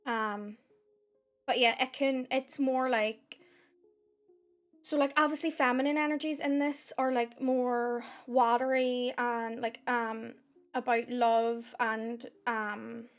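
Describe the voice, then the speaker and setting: Chatty girl on stream, high voice, bit of a sore throat, soft music behind. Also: fairly even intonation, slow pace. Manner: giggly, chatty, swears casually, many fillers. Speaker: streamer reading oracle cards. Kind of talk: casual live-stream chat.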